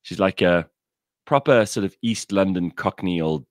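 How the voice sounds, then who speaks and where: A man's voice: deep voice, moderate pace, no room sound, studio quality. A man telling blunt, irreverent stories in a casual chat. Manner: animated storyteller, blunt and irreverent. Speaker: podcast co-host.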